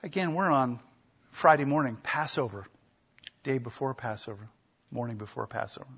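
A man's voice: mid-range voice, moderate pace, a bit bright, breathy edge, dull audio. A man preaching an expository sermon, emphatic, acting out the quoted speech of people in the story. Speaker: pastor.

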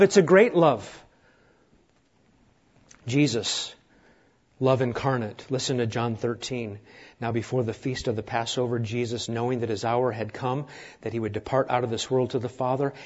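A middle-aged man preaching a sermon as pastor, earnest, building to emphatic peaks and then falling quiet and slow. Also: mid-range voice. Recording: dull lo-fi recording.

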